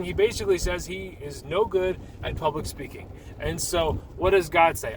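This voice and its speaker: A man's voice: fairly high pitch, moderate pace, few pauses, a little hiss or hum, poor audio. A man talking casually but urgently about his faith to the camera while sitting in a car, with rambling restarts. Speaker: Christian vlogger.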